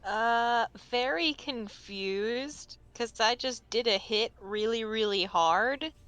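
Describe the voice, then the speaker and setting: A woman taking part in a tabletop game, speaking very slowly with a smooth, clear voice. She answers in a hesitant, puzzled manner. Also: on the high side, a bit bright, no room sound. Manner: slow, hesitant, puzzled delivery. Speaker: player.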